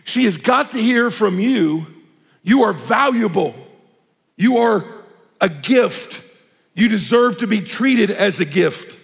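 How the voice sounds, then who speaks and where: Pastor, man, high gravelly voice, emphatic conversational sermon, long hall reverb. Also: animated, takes it slowly. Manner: emphatic, conversational preaching with asides to the congregation.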